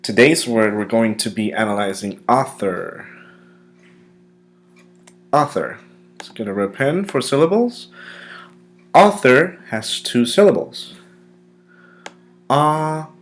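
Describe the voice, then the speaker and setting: A man teaching a vocabulary lesson to students. He speaks with patient encouragement and says key words slowly and clearly so listeners can repeat them. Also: medium pitch, animated. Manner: slow, deliberate modeling of pronunciation.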